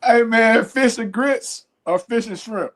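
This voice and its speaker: A man hosting a podcast, asking quick this-or-that questions in a relaxed, casual way and filling pauses with "okay.". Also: extremely high pitch. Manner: relaxed, quizzing, says okay a lot. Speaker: podcast host.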